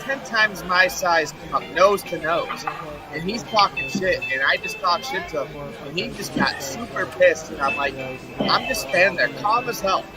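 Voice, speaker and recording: A man with a high voice spins swaggering fight stories, swearing as he goes. Loud music plays clearly behind him. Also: expressive, normal speed, low-quality recording. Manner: tough-talking storyteller, swearing, laughing at own lines. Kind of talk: casual bar-room chat.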